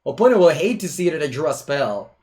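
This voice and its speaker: Lively male streamer. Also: fairly high pitch, brisk. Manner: chatty and playful, breaking off to talk to his cat. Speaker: streamer playing a digital card game. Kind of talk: casual live-play commentary.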